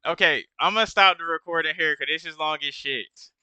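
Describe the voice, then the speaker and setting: A man chats casually to his viewers while playing, rambling with slang and plenty of hesitant fillers. His voice is bright and crisp, sitting a little high for a man. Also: brisk, no echo. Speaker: gamer. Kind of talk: casual let's-play chat.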